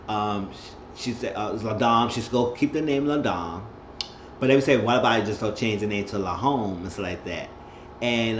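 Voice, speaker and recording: A man casually recapping a reality show, chatty and laughing often, acting out cast members in high squeals. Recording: roomy, dull lo-fi sound with faint noise.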